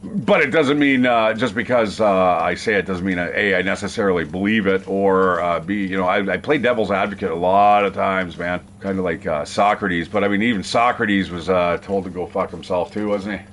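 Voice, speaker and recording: A man's voice: low voice, brisk, fairly bright tone, slight background noise. A man giving casual, rambling commentary while playing a survival video game, chatting to viewers and swearing now and then. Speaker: gaming streamer.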